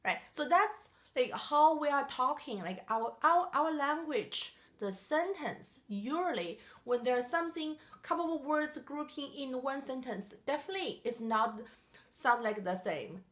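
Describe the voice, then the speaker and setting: A woman's voice: sits high, lively intonation, a little slow, a bit bright. A woman teaching a piano masterclass, singing melodies on syllables and questioning her student in simple English. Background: piano playing.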